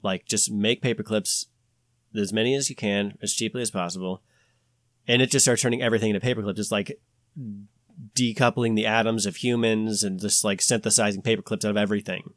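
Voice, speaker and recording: Male podcast host, low voice, dry sound; chatty, restless, restarts his sentences. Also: a little fast, dry recording. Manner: rambling, animated, many restarts and "like" fillers. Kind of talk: casual podcast chat.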